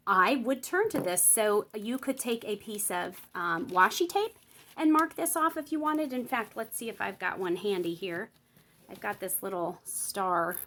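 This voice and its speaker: A woman's voice: medium pitch, a bit bright, a little hiss or hum. A woman giving a casual tutorial on Bible journaling, chatting and thinking aloud while she works, explaining each step and checking in with her viewers.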